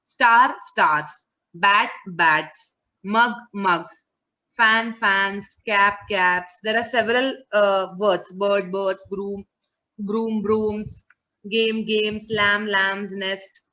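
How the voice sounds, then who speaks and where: A woman's voice: mid-range voice, fairly even intonation, extremely slow, bright, forceful tone. A woman teaching an online class, patiently repeating words and checking that students follow. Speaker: English teacher. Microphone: video call. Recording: muffled online call audio.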